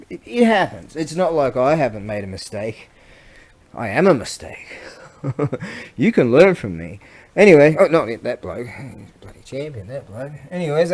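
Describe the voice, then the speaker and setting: A man's voice: medium pitch, darkish tone. Rambling, laughing man in a workshop. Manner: chatty, rambling, laughs often, mutters asides. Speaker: vlogger. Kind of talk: rambling casual workshop chat.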